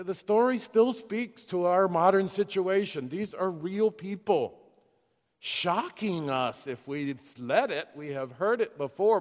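A male preacher retelling a scripture story dramatically, then reflecting on it in a sermon. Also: a little high. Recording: long hall reverb.

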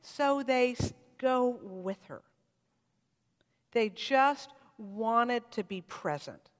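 A woman pastor preaching a sermon in a church, heartfelt and reflective, leaning into some phrases and letting others fall quiet. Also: fairly high pitch, animated, extremely slow, in a large hall.

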